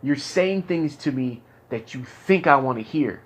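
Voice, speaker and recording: A man's voice: medium pitch, lively intonation, unhurried, breathy edge. A young man talking candidly with his therapist, frustrated and profane, his voice climbing into anger as he vents. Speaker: patient in therapy.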